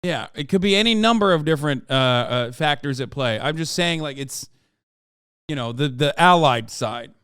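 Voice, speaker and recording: Male streamer, slightly high, smooth voice, blunt and profane, dry close sound. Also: expressive, normal speed, a bit bright, no room sound. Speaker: livestreamer. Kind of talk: casual political commentary to chat.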